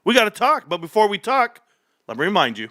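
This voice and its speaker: Excitable man ranting, bright voice. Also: sits high, fast talker, soft background music. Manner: excitable, joking, rambling. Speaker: stock market stream host. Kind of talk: casual livestream rant.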